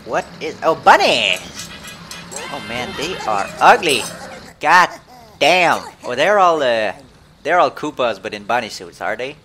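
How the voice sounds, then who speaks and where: Young guy yelling and joking over a game, voice jumps all over, loud game music under it. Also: medium pitch, unhurried. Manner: excitable, jokey, yelps and laughs. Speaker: let's play gamer. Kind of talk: casual gameplay commentary.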